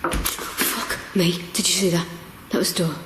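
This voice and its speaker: A young woman filming a lone night vigil as a paranormal investigator, talking in hushed, jumpy tones and swearing under her breath. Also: lowish voice, fairly even intonation, quick pace. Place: large empty disused bingo hall at night. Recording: echoey hall with loud background noise.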